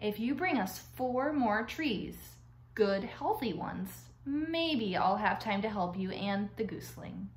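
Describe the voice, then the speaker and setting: A woman's voice: medium pitch, lively intonation, takes it slowly. A stubborn, grumbling male beaver, voiced by a woman reading aloud, muttering his complaints. The reading sounds roomy and a little echoey. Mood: grumpy. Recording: echoey room.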